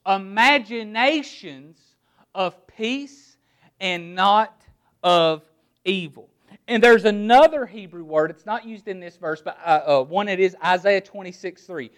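A man preaching a sermon in a noticeably high voice. He stresses words one by one and poses rhetorical questions, then drops quiet and low to land his key points. He sounds middle-aged. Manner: emphatic preaching, word-by-word emphasis, rhetorical questions. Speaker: pastor.

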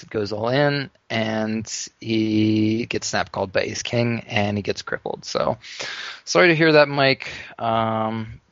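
A man's voice: mid-range voice, no room sound, lo-fi sound. A man co-hosting a casual poker podcast, laughing often and retelling hands. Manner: laughs often, lively delivery. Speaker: podcast co-host.

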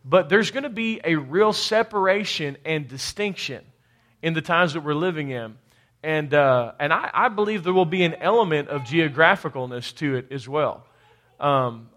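A man preaching a sermon in a high voice. He calls on the congregation for amens and repeats words as he works toward a point. Now and then his delivery rises to emphatic bursts. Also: animated, moderate pace, bright, forceful tone. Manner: call-and-response preaching, rising to emphatic bursts. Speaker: pastor.

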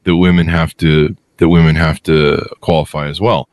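A middle-aged man hosting a podcast, holding forth in a blunt, opinionated, animated way. His voice sits very low, and the recording is dry and close with no room sound. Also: moderate pace, no echo. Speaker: podcast host. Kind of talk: casual interview chat.

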